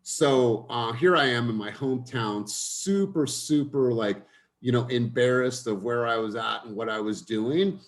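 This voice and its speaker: A man's voice: medium pitch, steady tone, normal speed. Man telling his story to a coaching group. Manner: earnest storytelling, addresses group directly.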